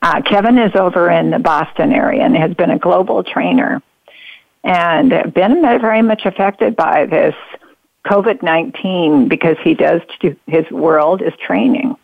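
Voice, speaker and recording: An older woman hosting an internet radio talk show, chatting in a halting way with a Pacific Northwest accent and laughing often. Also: on the low side, gravelly, no room sound, phone-quality sound. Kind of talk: casual interview chat.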